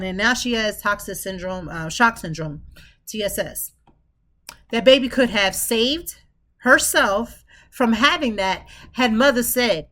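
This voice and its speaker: A woman hosts a podcast in a fairly high voice. She speaks emphatically, like a preacher, and repeats her phrases again and again to drive each point home. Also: pushed and bright. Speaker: podcast host. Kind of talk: impassioned talk.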